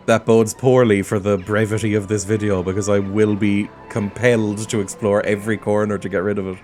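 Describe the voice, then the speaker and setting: A man's voice: fairly low pitch, flat delivery, a little fast, hardly any pauses, a little mellow, soft background music. A man casually commentating a game he plays, chatty and often giggling. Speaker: gaming video host. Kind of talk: casual let's-play commentary.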